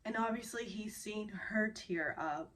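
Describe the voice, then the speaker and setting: A woman's voice: medium pitch, unhurried, fairly bright tone. A woman recapping a drama episode in a casual, chatty way, getting emotional and holding back tears as she talks. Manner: chatty and informal.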